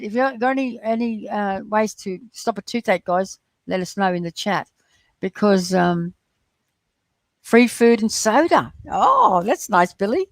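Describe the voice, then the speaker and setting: A middle-aged woman hosts a casual live stream, rambling from one thought to the next. Her voice sits at an ordinary middle pitch. The sound is close and dry, with no room echo. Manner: rambling, excitable, talks straight to her viewers. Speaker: livestream host reading viewer chat.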